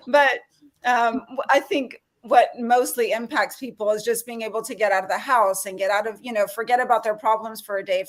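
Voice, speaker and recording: Emotional woman podcast host. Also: fairly high pitch. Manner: warm-hearted and emotional. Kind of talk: casual interview chat.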